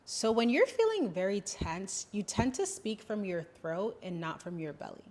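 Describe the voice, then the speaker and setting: A woman speaking as a lifestyle coach in an advice vlog, calm, gentle and instructive. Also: medium pitch, normal speed.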